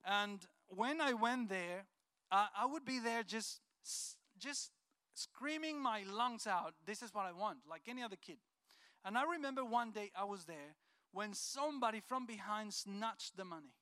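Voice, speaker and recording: A man shares an earnest, heartfelt personal testimony. His voice sits high and bright, smooth and clear, recorded with a dry, close sound. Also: no echo. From Colombia. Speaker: speaker sharing a personal testimony. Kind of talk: emotional personal testimony talk.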